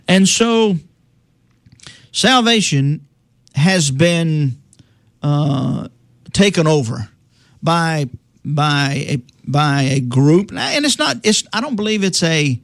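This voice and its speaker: A man's voice: fairly high pitch, animated, takes it slowly, gravelly, pauses often, no echo, clean studio sound. A middle-aged man explaining salvation in a conversational teaching style, often restarting sentences and quoting scripture in old-fashioned wording. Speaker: preacher.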